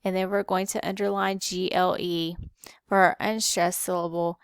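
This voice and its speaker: A woman teaching a spelling lesson, who spells words out letter by letter slowly and patiently. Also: on the low side, level tone, clean tone, no echo, clean studio sound. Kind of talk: slow, careful spelling lesson.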